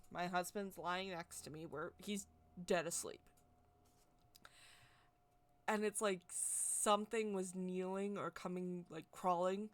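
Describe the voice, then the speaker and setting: A woman vlogger telling a personal story in a casual, rambling, excitable way, with constant "like" fillers. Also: lowish voice. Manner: chatty, rambling, heavy use of "like"; excitable, animated retelling. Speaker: witchcraft vlogger.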